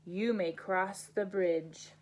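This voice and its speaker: A woman's voice: mid-range voice, fairly even intonation, takes it slowly, lightly acted. A woman doing a blustering storybook troll. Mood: gruff. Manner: loud, blustering, threatening. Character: smelly, greedy male troll under a bridge.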